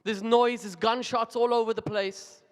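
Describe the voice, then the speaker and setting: A man's voice: very high-pitched, flat delivery, normal speed, smooth, voice pushed up. A man telling a joke voices a bitter, tearful older mother reproaching her son on the phone, in a large reverberant hall. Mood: reproachful.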